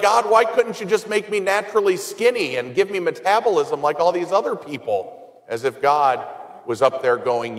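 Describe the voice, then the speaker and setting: A man, a parish priest, giving a conversational homily with wry humor and told stories. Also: mid-range voice. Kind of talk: sermon. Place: church. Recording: church with long reverb.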